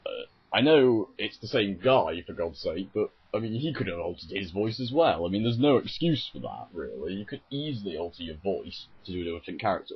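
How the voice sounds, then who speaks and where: Sarcastic ranting man, low husky voice, lively swings, dull home mic. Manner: exasperated, sarcastic, frequently self-correcting. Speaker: YouTuber reviewing an anime dub. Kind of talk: ranting video commentary.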